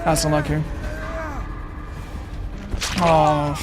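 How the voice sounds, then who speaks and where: Male game streamer, high voice, excitable and profane, faint music under him. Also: very slow. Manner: excitable, swears often, talks to chat. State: tired. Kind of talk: live gameplay commentary.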